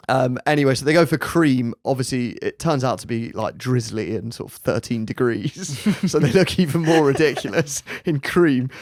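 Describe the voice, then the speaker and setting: A man's voice: mid-range voice, normal speed, no echo, studio quality. Chatty man telling a story. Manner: chatty, relaxed, laughing asides. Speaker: podcast host. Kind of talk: casual storytelling chat.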